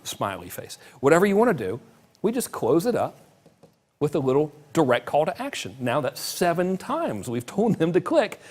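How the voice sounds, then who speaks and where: A middle-aged man teaching a marketing course in a casual, joking way, with plenty of emphasis. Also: medium pitch. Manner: joking, lively, talks with emphasis.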